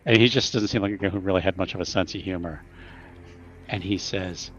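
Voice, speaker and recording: A man narrating as game master of a tabletop game in a relaxed storytelling manner. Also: low-pitched, a little fast, a little hiss or hum. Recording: dull lo-fi recording.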